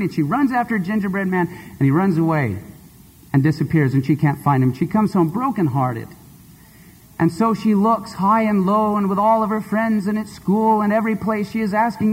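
A male preacher delivers a sermon in an expressive, conversational way. His voice sits fairly high and sounds husky, with a long reverb from a large church hall. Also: moderate pace. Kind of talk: sermon with storytelling.

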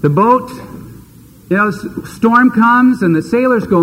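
A man preaching a sermon, retelling scripture in a lively, conversational storytelling manner. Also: very high-pitched, unhurried, slight background noise. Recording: long hall reverb.

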